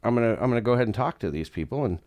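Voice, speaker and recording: A man's voice: mid-range voice, lively intonation, racing, a little mellow. A man, a podcast guest, telling a story in casual chat, swearing freely and acting out what people said to him. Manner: profane, laid-back, acts out quotes.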